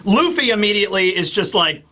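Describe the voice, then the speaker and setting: A man with a high, bright voice rambles through a casual comic recap. He talks in loose asides and leans heavily on fillers. The tone is informal, like a chat with viewers. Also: expressive, a little fast. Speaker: manga reviewer.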